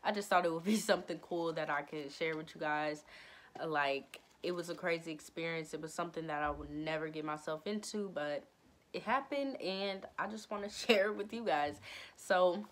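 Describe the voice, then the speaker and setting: A young woman vlogger telling a storytime in a casual, slangy, animated way. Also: low-pitched, moderate pace. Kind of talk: storytime vlog.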